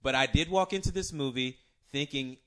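A man's voice: mid-range voice, moderate pace, pushed and bright. A man co-hosting a casual chat about movies, laughing often and swearing freely. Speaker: podcast co-host.

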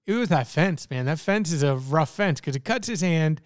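A man's voice: on the high side, expressive, normal speed, no room sound, studio quality. A man co-hosting a casual podcast about a TV show, thinking aloud with lots of fillers and restarts. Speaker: podcast co-host. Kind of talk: casual TV discussion.

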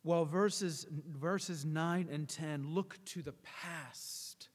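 Male pastor, sermon delivery, slightly high voice, dramatic hushed-to-emphatic swings, long hall reverb. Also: extremely slow, breathy edge.

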